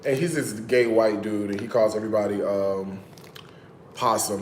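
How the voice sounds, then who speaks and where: A man's voice: on the low side, fairly even intonation, moderate pace, a little mellow, echoey room, slight background noise. A man hosting a cooking live stream in his home kitchen, chatty, with teasing asides to viewers. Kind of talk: casual live-stream chat.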